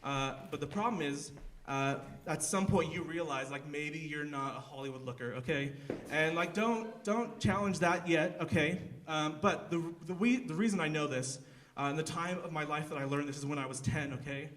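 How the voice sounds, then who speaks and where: A man's voice: fairly high pitch, moderate pace, few pauses, a bit bright. A young man doing a live stand-up set, rambling and self-deprecating, with lots of fillers and restarts. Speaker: stand-up comedian. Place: theater stage.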